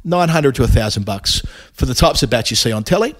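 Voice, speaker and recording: A middle-aged man hosts a casual podcast in a chatty, rambling way. He slips in asides as he reads ads and introduces guests. His voice sits at an ordinary pitch. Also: animated, brisk. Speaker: podcast host.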